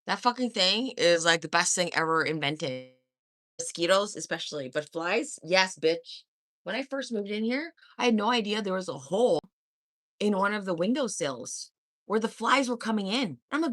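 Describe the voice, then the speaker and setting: A woman's voice: medium pitch, very animated, normal speed, no room sound, clean studio sound. A woman hosting a casual livestream from home, swearing constantly, laughing a lot and teasing her chat. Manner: profane, loud, laughs often, teasing. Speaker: livestream host.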